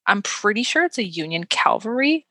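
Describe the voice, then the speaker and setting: A woman co-hosting a casual movie recap, telling the plot in an animated way and putting on mocking voices for the characters. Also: medium pitch, normal speed, dry recording. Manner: animated storyteller, acts out lines in mocking voices. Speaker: podcast co-host.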